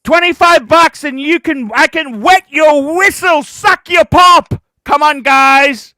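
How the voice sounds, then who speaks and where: High-voiced ranting man. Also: unhurried, no room sound, clean studio sound. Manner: profane, ranting, bursts into shouting. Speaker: livestream host. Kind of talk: ranting livestream chat.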